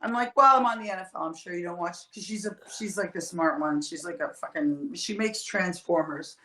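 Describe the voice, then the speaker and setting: A woman from Canada tells a personal story in a loose, chatty way and swears now and then. Her voice has medium pitch for a woman. An echoey room surrounds her voice. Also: fairly quick, sharp tone. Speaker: TV host guest. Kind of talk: casual livestream chat.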